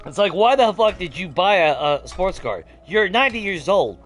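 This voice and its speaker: A gaming streamer with a high-sitting voice rants casually at a moderate pace while he plays, swearing heavily. He's animated and profane, breaking into laughs, with soft music in the background.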